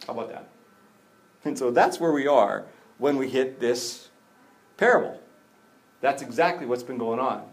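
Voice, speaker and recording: A man preaching a conversational sermon, animated, with jokey asides and acted-out bits of dialogue. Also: medium pitch, normal speed, pauses often. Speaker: pastor.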